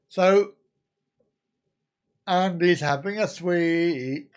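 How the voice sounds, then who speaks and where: A man's voice: fairly high pitch, expressive, unhurried. A man in his fifties from the UK, hosting a casual live stream and bantering crudely with his viewers. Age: 50s.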